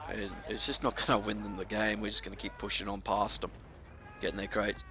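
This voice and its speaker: A man's voice: fairly low pitch, flat delivery, brisk, sharp tone, a little hiss or hum. A young man casually commentating over his gameplay at home, laid-back with frequent swearing and ranty asides.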